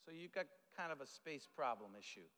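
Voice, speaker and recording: A preacher with a high, bright voice speaks to his congregation in a loose, conversational way. He stumbles, repeats words and drops in little asides as he goes. His voice rings out with a long echo in a church hall. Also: lively intonation, a little fast. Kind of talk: conversational sermon. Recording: echoey hall.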